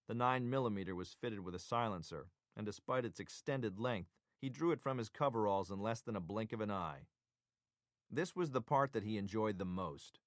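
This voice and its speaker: Low-voiced male audiobook narrator. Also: a bit bright, dry recording, clean studio sound.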